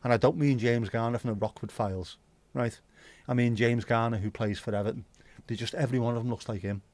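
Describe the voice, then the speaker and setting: A man's voice: medium pitch, fairly even intonation, fast talker, darkish tone. A man hosting a casual livestream, rambling chattily with sweary asides. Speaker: livestream host. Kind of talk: casual solo livestream chat. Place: home.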